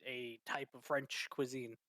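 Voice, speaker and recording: A man's voice: mid-range voice, level tone, measured pace, pushed and bright, no room sound. A young man co-hosting a podcast in casual chat, matter-of-fact. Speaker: podcast co-host.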